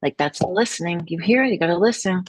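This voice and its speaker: A woman's voice: fairly low pitch, expressive, fast talker, breathy edge, dry recording. A woman hosting a casual chat, affirming her guest and speaking about spirit and guides.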